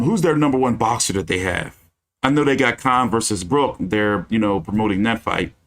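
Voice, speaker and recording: A man's voice: medium pitch, a bit bright. A man hosting a casual boxing news live stream, with a loose, profane, ranting delivery full of fillers.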